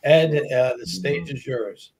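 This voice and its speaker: A man's voice: medium pitch, slow pace, a little mellow, a little hiss or hum. A man hosting an online comedy show over a video call, introducing acts and teasing them. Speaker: show host.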